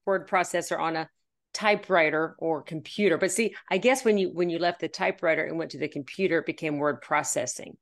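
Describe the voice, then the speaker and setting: Middle-aged woman host, lower voice, energetic and chatty, faith podcast interviewer. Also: fairly quick. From Pennsylvania. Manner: chatty, energetic, laughs often. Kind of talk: casual faith-based interview chat.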